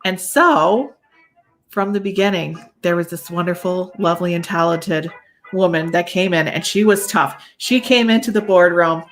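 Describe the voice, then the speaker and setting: A woman's voice: lowish voice, moderate pace. A woman hosting a casual chat, a medium who tells chatty stories and acts out what people said. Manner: chatty storyteller, acts out quotes. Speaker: podcast host and medium.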